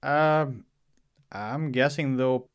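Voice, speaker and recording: Southern-accented Virginia man, unhurried. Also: mid-range voice, smooth. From Virginia, USA. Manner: thoughtful, unhurried, restarts phrases. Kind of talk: casual podcast conversation.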